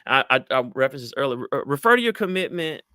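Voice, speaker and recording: A middle-aged man, giving lively motivational advice to an audience and acting out voices. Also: medium pitch, very fast, clear, resonant tone, no room sound, clean studio sound. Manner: animated, acts out quoted voices, addresses audience as y'all. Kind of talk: motivational talk to a live audience.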